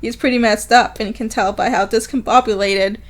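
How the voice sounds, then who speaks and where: A woman co-hosting a book podcast, casually retelling a novel's chapter in a giggly, lively way. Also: on the high side, fairly quick. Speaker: podcast co-host.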